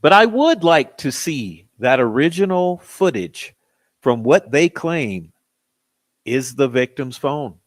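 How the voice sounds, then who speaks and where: A man's voice: mid-range voice, sing-song, slow pace. A man hosting a true-crime commentary channel, talking in a skeptical, exasperated way. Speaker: channel host.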